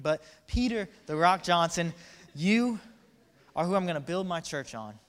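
Casual joking preacher in a big hall. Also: male voice, fairly high pitch. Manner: energetic, joking, acts out quotes in voices. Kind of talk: casual sermon. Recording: reverberant hall.

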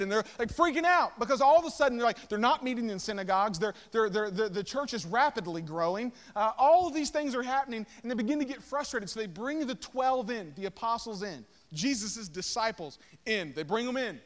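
A pastor preaching a sermon, firing rhetorical questions and casual asides with emphatic delivery. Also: male voice, high voice, animated, fairly quick, fairly bright tone. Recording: long reverb of a large hall.

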